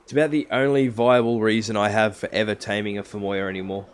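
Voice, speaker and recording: A man's voice: fairly low pitch, level tone, fast. A man streaming a survival game live, casually explaining each step to his viewers. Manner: chatty, explains steps to viewers.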